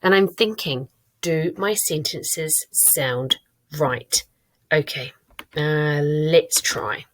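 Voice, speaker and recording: Low-voiced woman teaching a recorded lesson. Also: very slow. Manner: clear and encouraging, talks straight to pupils; thinks aloud while checking her own writing. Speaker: primary school teacher.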